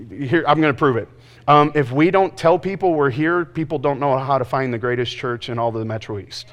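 A man preaching a casual, joking sermon in a conversational, self-deprecating way. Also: mid-range voice. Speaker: pastor.

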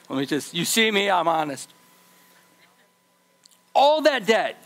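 A man preaching a sermon with a lively, sing-song delivery that rises and falls widely. His voice sits high for a man. He acts out the people in his story as he goes. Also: a little slow, pauses often. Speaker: pastor.

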